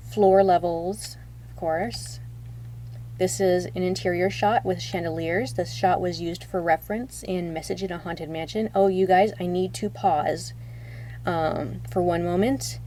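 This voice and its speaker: A woman's voice: fairly low pitch, mellow. A young woman chatting casually on a live stream, rambling and self-correcting as she walks viewers through reference photos, laughing now and then.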